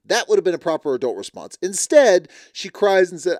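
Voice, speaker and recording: A man's voice: high voice, sing-song, a little fast, hardly any pauses, darkish tone, no room sound, clean studio sound. A man hosting a reality TV recap, commenting in a blunt, sarcastic, exasperated way. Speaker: show recap host.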